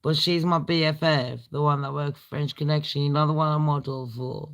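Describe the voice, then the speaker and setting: A woman's voice: low-pitched, fairly even intonation, brisk. A British woman hosting a casual storytime chat, blunt and full of swearing and laughing asides. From Britain. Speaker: livestream host.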